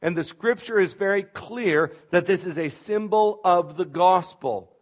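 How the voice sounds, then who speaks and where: A man preaching a sermon in a church, pressing hard on key words and then dropping to quiet asides. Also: sits high, a little slow. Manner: emphatic, swings between loud stresses and quiet asides. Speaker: pastor. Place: church sanctuary. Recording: dull lo-fi sound.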